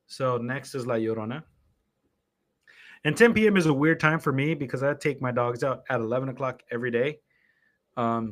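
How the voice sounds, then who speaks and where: A man hosting a live stream, talking casually and rambling from one thing to the next as he sets up his show. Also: medium pitch. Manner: rambling, chatty, self-interrupting. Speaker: streamer and podcast host.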